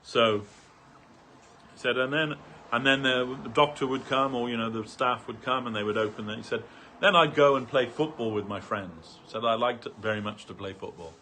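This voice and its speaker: A man's voice: medium pitch, normal speed, sharp tone, slight background noise. A man speaking at a devotional gathering, telling a long anecdote through many quotes, with frequent fillers and restarts. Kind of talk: storytelling talk.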